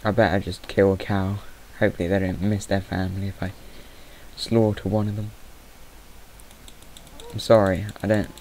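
A man's voice: low voice, level tone, normal speed, pauses often, darkish tone, a little hiss or hum, rough recording. A young man giving rambling let's play commentary, easily startled and chatting to the animals in the game. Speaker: gamer. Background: mouse clicking.

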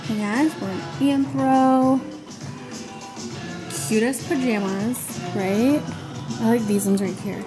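A woman's voice: a little high, fairly even intonation, slow pace, long pauses, over music, low-quality recording. A young woman chatting casually to camera as a lifestyle vlogger, bubbly and chatty with lots of fillers. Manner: bubbly, chatty, full of "like" and "so cute".

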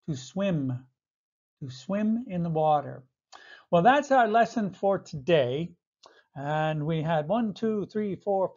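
Man, English teacher, very slow, repeats each word, muffled lo-fi audio. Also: high-pitched, darkish tone. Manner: repeats each word slowly and clearly, light chuckles. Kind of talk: slow vocabulary lesson for learners. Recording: dull lo-fi audio.

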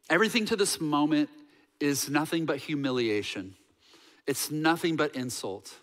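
A man's voice: on the high side, normal speed, a bit bright. A male pastor preaching a sermon in a church, earnest, with fillers and repeated words. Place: church sanctuary. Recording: reverberant church hall.

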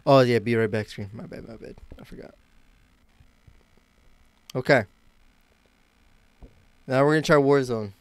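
A man's voice: medium pitch, measured pace, pauses often, smooth. A young man from the United States chatting casually while live-streaming games, rambling and self-mocking. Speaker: game streamer.

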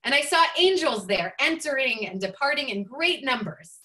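A woman rabbi telling a teaching story in an expressive way, lifting her voice for quoted speech. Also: sits high, normal speed.

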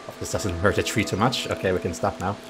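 A man giving playful gameplay commentary as a let's play host, cooing softly and giggling while he talks to the characters on screen. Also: low-pitched, background noise. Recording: game music behind the voice.

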